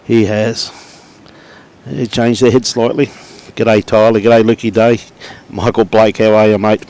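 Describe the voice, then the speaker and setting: A middle-aged man with an Australian accent calls a lawn bowls match live in an easygoing, chatty way. His voice sits a little low. Between shots he greets viewers by name. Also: little pitch movement, measured pace, darkish tone, clean tone. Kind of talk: live sports commentary and chat to viewers.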